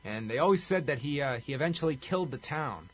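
Man, podcast co-host, casual recap, wry chuckles, husky voice. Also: a little high, animated, fast. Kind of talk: casual wrestling recap chat.

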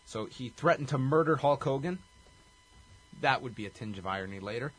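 A man's voice: mid-range voice, lively intonation, fairly quick, slightly rough, dry recording. A man hosting a casual chat, recapping events in detail. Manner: recaps events in detail, briefly acts out quotes. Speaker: podcast host.

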